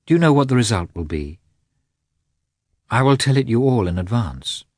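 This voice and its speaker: A man reading an audiobook, voicing an anguished young noblewoman who speaks with sharp, mocking irony. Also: medium pitch, very animated, moderate pace, no echo, studio quality, voice pushed up. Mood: ironic.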